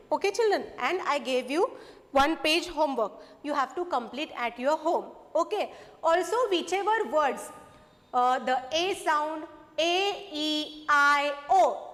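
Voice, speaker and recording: Slow, high-voiced Indian English teacher. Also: female voice, big-room sound. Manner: slow, spells out letters and repeats words for children. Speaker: kindergarten teacher. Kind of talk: online phonics lesson for young children.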